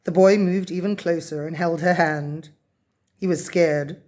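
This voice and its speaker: A woman's voice: lowish voice, steady tone, a little slow, mellow. Woman reading a children's story aloud.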